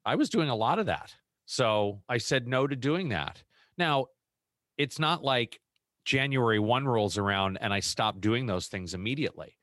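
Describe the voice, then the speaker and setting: A middle-aged man co-hosting a podcast in casual chat, reflective and unhurried, laughing easily. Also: medium pitch, animated, a bit bright, dry recording, studio quality. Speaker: podcast co-host.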